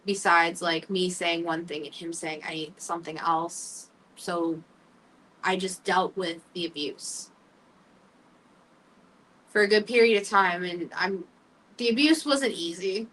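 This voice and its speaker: A woman's voice: on the low side, a bit bright, recorded from a distance, slight background noise, low-quality recording. Candid young woman host, a bit off-mic. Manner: candid, emotional, halting with fillers. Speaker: podcast host. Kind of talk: personal storytelling.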